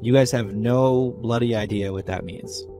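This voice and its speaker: A man's voice: medium pitch, moderate pace, music in the background. A man narrating a tabletop game as game master, telling the story casually with plenty of fillers.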